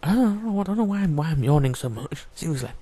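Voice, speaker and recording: A man with a fairly high but very dark, mellow voice talks through a stealth game in casual let's-play commentary. He jokes and chats with the characters on screen as he plays. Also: lively intonation, fast. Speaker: gaming YouTuber.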